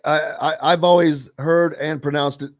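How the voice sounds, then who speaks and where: A man's voice: a little high, fairly even intonation, normal speed. A man hosting a sports radio show, chatting casually and animatedly with a guest.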